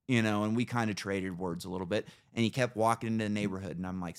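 A man's voice: lowish voice, fast talker, hardly any pauses. A man hosting a casual podcast, telling a story with plenty of swearing and acting out his own reactions. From Idaho. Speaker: podcast host.

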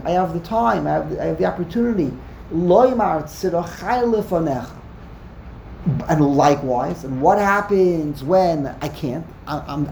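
Guy teaching a study class, low gravelly voice, keeps repeating himself, roomy echo. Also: a little mellow, slight background noise. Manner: emphatic, repeats words and restarts often. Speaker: Torah teacher. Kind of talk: text-study class lecture.

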